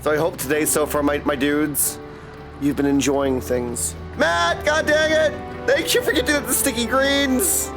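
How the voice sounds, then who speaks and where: A male streamer talks casually with his chat, upbeat and greeting viewers by name. His voice sits notably high, and game music plays loudly behind him. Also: expressive, normal speed.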